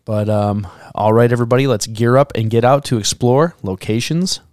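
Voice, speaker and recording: A man co-hosting a podcast, working through his research notes in an easygoing way and tossing in dry jokes as he goes. His voice sits at an ordinary middle pitch. It is recorded close and dry, with no room echo. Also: moderate pace, a little mellow. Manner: jokey, drops wry asides between facts. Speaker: podcast co-host. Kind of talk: casual podcast chat reading out research notes.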